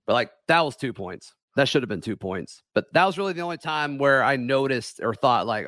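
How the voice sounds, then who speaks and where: A man hosting a casual sports talk stream, hoarse from yelling, rambling with many fillers and restarts. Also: medium pitch, lively intonation, brisk, few pauses, no room sound, studio quality.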